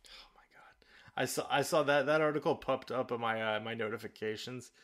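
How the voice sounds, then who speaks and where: A man's voice: medium pitch, fairly quick, a bit bright. Easygoing man hosting a sports chat. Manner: easygoing, steers the segments, laughs often. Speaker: podcast host.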